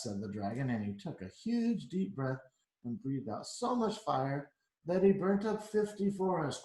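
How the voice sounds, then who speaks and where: A man reading a picture book aloud to children, breaking off for chatty asides as he goes. His voice sits a little high for a man, and a roomy echo hangs around it. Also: sing-song, unhurried, warm tone. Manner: chatty, adds asides to the kids.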